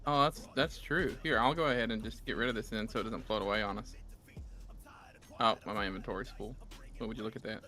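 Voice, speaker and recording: A man's voice: fairly low pitch, fast, pushed and bright, soft background music. A man with a Southern US accent hosting a casual gaming stream, chatting and telling rambling stories. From Southern United States. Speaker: streamer host reading chat.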